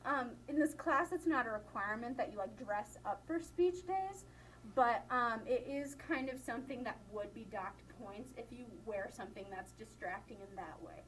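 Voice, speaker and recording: A woman's voice: fairly high pitch, moderate pace, a bit bright, a little hiss or hum, low-quality recording. Chatty young woman lecturing, giggly. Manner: chatty, laughs often, many "like" fillers. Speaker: college instructor. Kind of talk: classroom lecture. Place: classroom.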